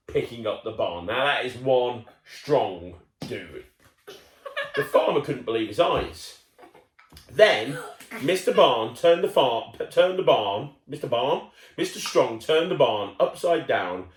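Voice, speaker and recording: A man's voice: medium pitch, big pitch swings, unhurried, reverberant. A man reading a children's picture book aloud, playful and chatty, breaking off to talk with the child listening. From United Kingdom. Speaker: children's storyteller.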